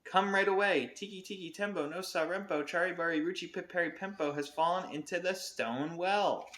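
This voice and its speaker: A man's voice: fairly high pitch, lively intonation, moderate pace, pushed and bright, pitched above the performer's own voice. Man doing a breathless anxious little boy. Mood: shouting. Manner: breathless, urgent pleading. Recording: roomy echo.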